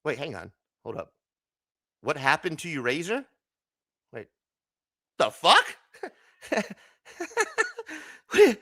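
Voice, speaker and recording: Male livestream host with a bright, high, very animated voice that swings up and down a lot. He keeps it casual and joking, laughs often and swears freely. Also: takes it slowly, pauses often. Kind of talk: casual late-night livestream chat.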